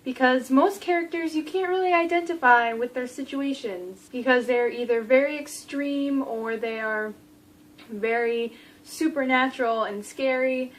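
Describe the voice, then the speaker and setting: A young adult woman giving a casual book review vlog, gushing and animated, acting out the characters' lines. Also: sits high, a little slow, rough recording.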